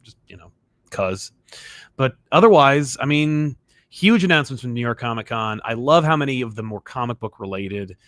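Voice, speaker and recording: A man's voice: mid-range voice, lively intonation, normal speed, a bit bright, no room sound, clean studio sound. A man co-hosting a casual chat show, easygoing and agreeable, reading out viewer questions. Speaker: co-host.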